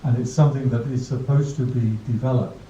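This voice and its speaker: A man's voice: medium pitch, steady tone, fairly quick, warm tone, slight background noise. A man, a Buddhist monk, giving a casual, humorous talk to a class, telling anecdotes and laughing at his own jokes. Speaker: Buddhist monk teaching mindfulness. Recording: dull distant roomy recording.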